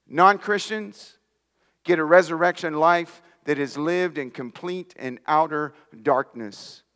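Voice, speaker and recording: A man's voice: a little high, fairly bright tone, clean tone, long reverb tail. A man preaching a sermon as pastor, emphatic, sometimes dropping to near-whispers for stress, and calling his listeners friends. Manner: addresses listeners directly as friends.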